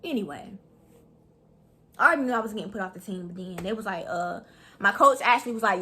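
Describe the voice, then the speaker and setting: A young woman telling a story in a vlog, animated and profane, talking fast. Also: mid-range voice, slightly rough. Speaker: vlogger.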